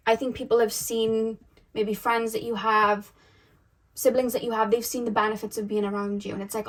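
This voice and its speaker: Woman tarot reader, fairly high voice, soft and unhurried, speaking straight to the viewer. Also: flat delivery, low-quality recording. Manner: gentle, unhurried and intimate, addressing viewers directly. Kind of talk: pick-a-card tarot reading.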